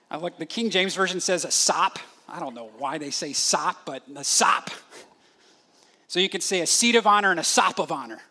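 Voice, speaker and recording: A man preaching an expository sermon, animated, acting out the disciples' questions as he explains the passage. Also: high-pitched. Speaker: pastor.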